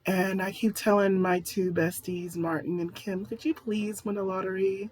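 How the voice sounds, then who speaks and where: A woman's voice: medium pitch, steady tone, moderate pace, crowd noise. A woman talking casually to camera in a personal vlog, rambling and candid. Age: adult. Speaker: vlogger.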